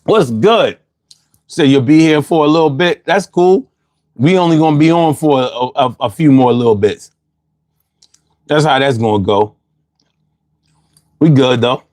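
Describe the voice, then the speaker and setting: A man's voice: a little high, unhurried, pauses often, a little mellow, dry recording, studio quality. A man hosting a casual livestream, reading out chat comments in a loose, slangy way and laughing often, a little bothered by allergies.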